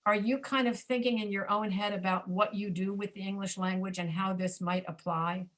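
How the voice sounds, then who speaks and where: A woman's voice: medium pitch, fairly even intonation, moderate pace, fairly bright tone. A woman teaching a pronunciation class over a video call, demonstrating reduced speech and often checking that students understand.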